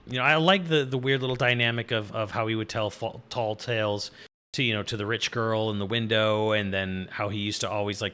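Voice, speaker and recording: A man's voice: on the low side, fairly bright tone. A young adult man giving a casual, exasperated review, swearing freely and laughing as he rambles. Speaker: video reviewer. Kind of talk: casual rant.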